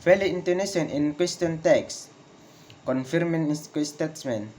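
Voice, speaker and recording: A man reading an English lesson aloud, speaking example sentences slowly and carefully. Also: fairly high pitch, darkish tone, slight background noise, poor audio. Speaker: English teacher.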